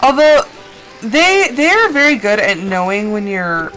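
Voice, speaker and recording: A woman streamer rambles and chats casually while playing a game, tossing in animated asides. Her voice is medium-pitched at a measured pace, with faint music behind her on a rough recording.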